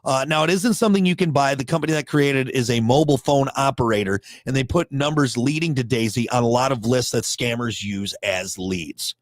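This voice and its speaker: A man's voice: medium pitch, brisk, few pauses, dry recording. Rambling, jokey male co-host. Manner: rambling, jokey, many restarts. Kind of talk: casual chat.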